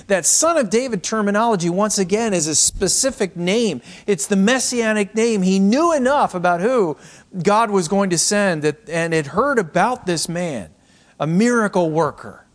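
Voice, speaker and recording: Middle-aged male pastor with a slightly high voice; dramatic sermon delivery, loud calls traded for hushed asides. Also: lively intonation, moderate pace. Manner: dramatic preaching, swinging from raised cries to hushed near-whispers.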